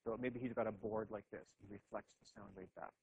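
A man's voice: fairly low pitch, fairly even intonation, fast talker, a little mellow, highs cut off, slight background noise. A man giving a classroom physics lecture at a board, thinking aloud with frequent restarts and "okay"s.

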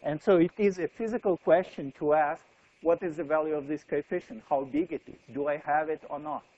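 A man's voice: on the high side, steady tone, fairly quick, a little mellow, no echo, highs cut off. A man giving a university physics lecture, thinking aloud with frequent fillers and restarts.

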